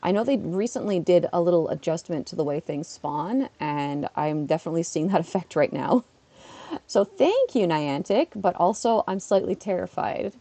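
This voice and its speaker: Chatty woman with gravelly fry. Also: fairly low pitch, animated, moderate pace, dark tone, no echo. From Canada. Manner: chatty, laughs often, talks back to chat. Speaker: streamer and schoolteacher. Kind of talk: casual live-stream chat while playing.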